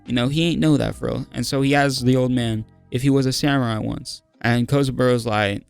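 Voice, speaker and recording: A man's voice: medium pitch, steady tone, brisk, gravelly, few pauses, clean tone, soft background music. A young man recapping a manga chapter in casual, slang-heavy talk, hyped and laughing often, saying "bro" constantly. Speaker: manga review host.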